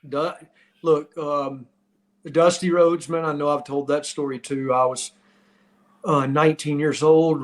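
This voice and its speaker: A man in his fifties, a podcast host and former wrestler, telling stories in casual chat with frequent laughs. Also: medium pitch. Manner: animated storyteller, laughs often.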